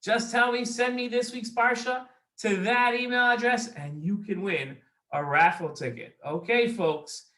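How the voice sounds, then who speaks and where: A man hosting a children's show, presenting a quiz in a deliberate way and speaking straight to young viewers. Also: very high voice, sharp tone, reverberant, poor audio. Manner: drawn-out, deliberate, addresses viewers.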